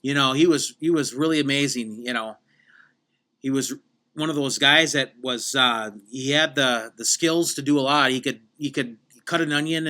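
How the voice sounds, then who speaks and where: A man hosting a podcast, telling a mock life story in a rambling, halting way with many restarts. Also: a little high, bright, forceful tone. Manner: halting, full of fillers and restarts. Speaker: podcast host.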